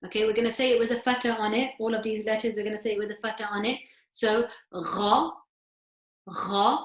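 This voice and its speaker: A woman's voice: on the high side, flat delivery, racing, roomy sound. A woman teaching a recitation class over a video call, patiently explaining and demonstrating sounds step by step.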